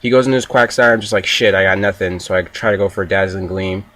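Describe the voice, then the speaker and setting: A man's voice: lowish voice, fast talker, fairly bright tone. A young man giving casual, profane play-by-play commentary over his own gameplay video.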